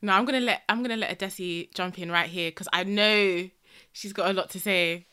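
A woman joins a casual podcast chat with a bright, forward voice at a middle pitch. She speaks bluntly and is quick to exclaim. Her delivery stays conversational throughout. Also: steady tone, smooth.

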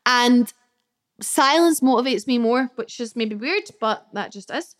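A young woman with a slightly high voice hosts a solo podcast from home. She talks in a candid, chatty way, swearing now and then as she reacts to comments from her listeners. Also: lively intonation, unhurried. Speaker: podcast host. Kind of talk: casual solo podcast chat. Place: her flat, indoors.

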